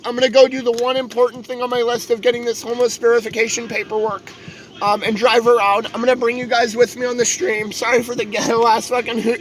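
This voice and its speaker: A man's voice: extremely high pitch, rough recording. A young man streaming live, talking casually in a rambling, earnest way and pleading with his viewers.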